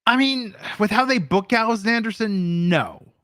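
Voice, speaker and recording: A man's voice: high-pitched, expressive, normal speed, sharp tone, no room sound. A man co-hosting a wrestling podcast in casual chat, dry and wry, with hesitant fillers. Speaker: podcast co-host.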